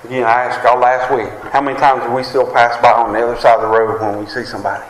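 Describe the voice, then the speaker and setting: A man's voice: mid-range voice, little pitch movement, fast talker, a little hiss or hum. A man with a West Virginian accent preaching a sermon as pastor, often asking the congregation "Amen?". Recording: echoey room with faint ambience.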